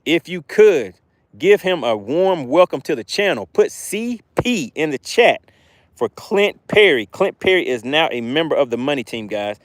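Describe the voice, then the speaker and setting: A man's voice: a little high, big pitch swings, moderate pace, dry recording. A man with a Southern accent hosting a fishing livestream, chatting upbeat with viewers and reading out their comments. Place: outdoors fishing.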